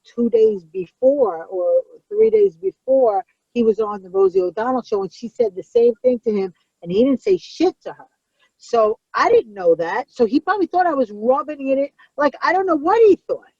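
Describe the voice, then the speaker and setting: A high-pitched woman comedian of middle age tells her stories bluntly and with plenty of swearing, her voice swooping all over. The sound is dry and a little dull, like a lo-fi podcast mic. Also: dry recording. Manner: blunt, profane, animated storyteller. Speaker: comedian guest. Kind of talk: storytelling in podcast chat.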